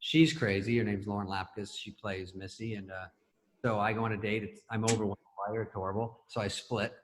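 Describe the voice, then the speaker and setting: A middle-aged man telling stories as a talk show guest over a video call, laughing through them and doing quick impressions of other people. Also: on the low side, level tone, slight background noise. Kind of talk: casual anecdote telling.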